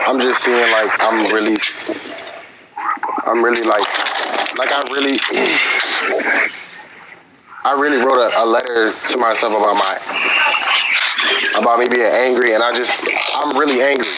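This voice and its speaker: A man speaking into his phone on a live stream, halting and hesitant, his words full of fillers and restarts. His voice sits at a middling pitch. A clear hiss of noise runs under the audio. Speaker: participant in a live-stream group session. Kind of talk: casual live-stream talk and reading a personal letter aloud.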